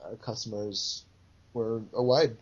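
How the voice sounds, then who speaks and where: A man co-hosting a casual podcast chat, deep and smooth, halting with many fillers. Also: fairly even intonation, lo-fi sound, slight background noise. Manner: halting, lots of fillers and restarts. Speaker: podcast co-host.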